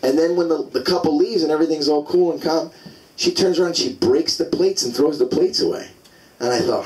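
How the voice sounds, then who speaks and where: A man's voice: a little high, a little fast, a little mellow, distant mic, poor audio. A man in his forties doing a stand-up comedy set, telling loose, rambling stories full of fillers on a club stage. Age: 40s.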